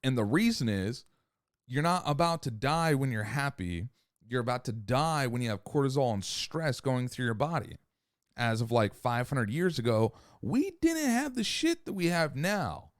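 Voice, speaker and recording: A man's voice: mid-range voice, very animated, moderate pace, no room sound, studio quality. A man hosting a podcast in a casual, profane, rambling rant who sometimes loses his thread. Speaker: podcast host.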